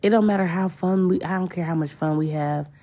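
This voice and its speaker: A woman hosts a spiritual podcast in a loose, heartfelt monologue full of slang and repeated phrases. Her voice sits low and dark, with a husky edge. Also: a little fast. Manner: casual, emotional, slangy and repetitive. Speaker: podcast host.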